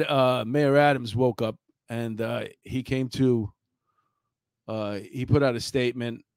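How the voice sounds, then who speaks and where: A man's voice: medium pitch, dry recording. Middle-aged new guy, ex-cop, rambles with lots of uhs, dry close sound. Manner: rambling, blunt, swears, many fillers. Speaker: former police officer, commentator. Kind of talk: casual storytelling commentary.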